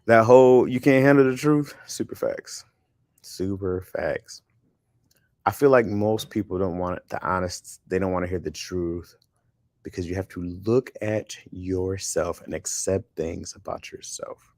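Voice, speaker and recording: A man's voice: sits low, a little slow, no room sound. A man hosting a casual livestream chat, telling stories bluntly and laughing often. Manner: blunt, laughing, animated storytelling. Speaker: livestream host. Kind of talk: casual chat, reading viewer comments.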